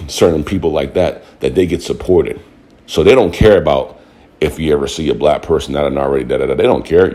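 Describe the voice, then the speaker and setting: A man's voice: a bass voice, warm tone. A man ranting angrily and profanely to his audience, mocking the people he argues with. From Buffalo, New York. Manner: heated and profane, mocking quoted voices. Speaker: vlogger. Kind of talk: angry rant to camera.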